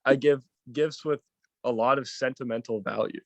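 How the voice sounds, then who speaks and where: A man chatting as a guest in a relaxed way, laughing easily and hesitating with fillers. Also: medium pitch, normal speed, creaky, no echo. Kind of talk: casual chat.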